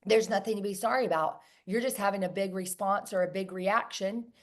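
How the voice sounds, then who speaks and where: A woman hosts a coaching conversation in a voice of ordinary pitch. She talks emphatically and comes back to her key words again and again. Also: a little fast. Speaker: host. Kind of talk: coaching talk on feelings.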